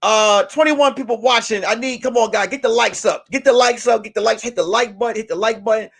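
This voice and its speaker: A man hosting a live stream, telling stories in a loud, animated and profane way that breaks into shouts on punchlines. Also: sits high, brisk, creaky, few pauses. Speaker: host. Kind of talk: casual live-stream storytelling.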